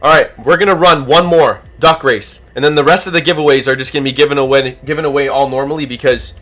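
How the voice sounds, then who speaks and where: A livestream host who is losing his voice, calling a giveaway race with animated, rapid play-by-play. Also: mid-range voice. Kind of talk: excited duck-race commentary on a livestream.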